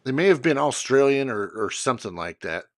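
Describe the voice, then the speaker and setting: A man's voice: mid-range voice, lively intonation, fairly quick, no room sound. A man with an American accent, co-hosting a podcast in laid-back casual chat with dry humor. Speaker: podcast co-host.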